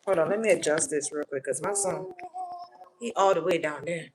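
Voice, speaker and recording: A woman's voice: deep voice, huge pitch swings, moderate pace, crowd noise. A woman giving a casual collective tarot reading, blunt and slangy, swearing freely and repeating words for emphasis. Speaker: tarot reader.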